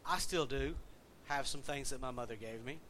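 A man's voice: medium pitch, normal speed, pushed and bright, slight background noise. A man with a Southern US accent preaching a sermon as pastor, folksy and conversational, putting questions to the congregation. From Southern United States.

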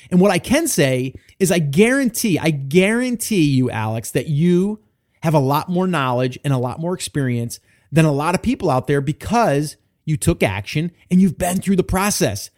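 Man, somewhat high voice, casual podcast host, encouraging, loose and chatty, thinks aloud. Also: animated, normal speed, a little mellow. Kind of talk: solo podcast talk, reading a listener post.

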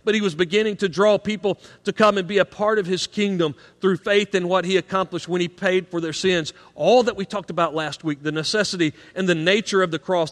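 A middle-aged man preaches in a high, carrying voice, earnest and pressing harder on the points he wants to land. He often doubles a word as he starts a phrase. His voice rings with the long reverb of a church sanctuary. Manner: earnest, rising in emphasis on key points. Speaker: pastor. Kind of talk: sermon.

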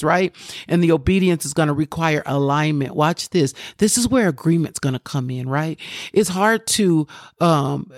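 A woman's voice: sits low, a little mellow, dry recording, clean studio sound. A woman hosting a devotional podcast, teaching with fervent exclamations and repeated phrases. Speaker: podcast host and preacher.

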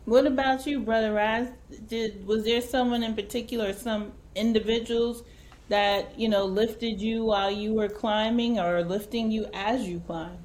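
A woman's voice: fairly high pitch, steady tone, a little slow, darkish tone, poor audio. A woman hosting a podcast, asking her guests probing questions in a casual interview. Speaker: podcast host.

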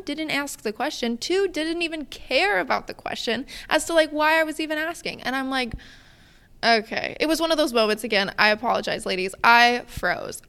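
High-voiced young woman ranting on a podcast. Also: smooth. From Wisconsin. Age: 20s. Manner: ranting, animated storytelling with many fillers. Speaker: podcast guest. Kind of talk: casual podcast chat.

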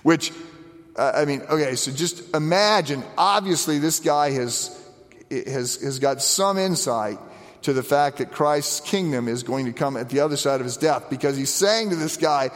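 A man preaching a conversational sermon, animated, with frequent restarts and asides. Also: on the high side, moderate pace, big-room sound. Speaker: pastor. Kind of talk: sermon on the stations of the cross.

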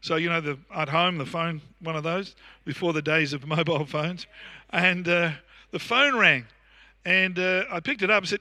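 A man's voice: on the high side, moderate pace, pushed and bright, dry recording. A man in his sixties with an Australian accent, preaching a conversational sermon as pastor and telling stories with frequent fillers and restarts. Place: church.

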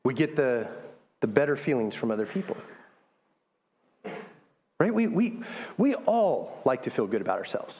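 A man's voice: mid-range voice, big pitch swings, moderate pace, long pauses, darkish tone, dull audio. A man preaching a sermon as pastor, talking in a conversational way and reading scripture aloud. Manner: conversational, restarts often, reads scripture aloud. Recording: long hall reverb.

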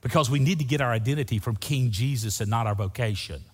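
A man's voice: mid-range voice, fast, slightly rough. A man preaching a sermon as pastor, folksy and humorous, saying "y'all" to his congregation. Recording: long hall reverb.

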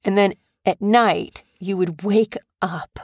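A woman's voice: mid-range voice, slow pace, dry recording, clean studio sound. A mother casually telling her young son a family story, chatty and rambling, acting out quotes with animation. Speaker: mother and vlogger.

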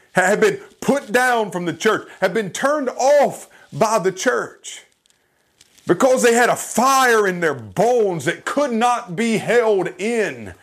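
A man preaching a sermon as a pastor, impassioned and building to fervent bursts. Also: sits high.

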